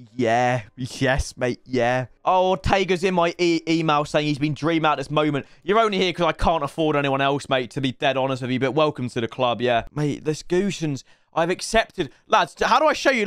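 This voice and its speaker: A young man commentating his own football video game to viewers, sweary and excitable. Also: on the high side, clean tone, no room sound, clean studio sound. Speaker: gaming streamer. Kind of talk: live gameplay commentary.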